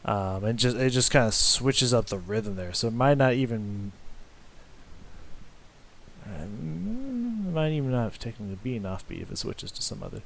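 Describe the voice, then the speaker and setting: A man's voice: mid-range voice, sing-song, creaky, a little hiss or hum. Rambling man reacting to music. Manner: rambling, halting, with many fillers and restarts; hums along with the riffs. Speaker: music reaction channel host. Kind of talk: casual music reaction commentary.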